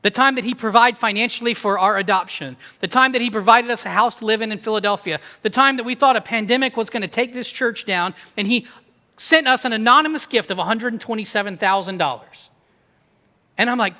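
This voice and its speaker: A male pastor preaching a sermon to his church in an emphatic, conversational way, with quick asides. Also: very high-pitched, pushed and bright, in a large hall. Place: church sanctuary.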